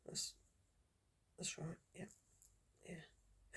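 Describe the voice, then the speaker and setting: A woman's voice: fairly low pitch, slow, slightly rough, whispered. A woman in her fifties chatting casually and reminiscing while she crochets, in a rambling, friendly way. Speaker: crafter vlogger.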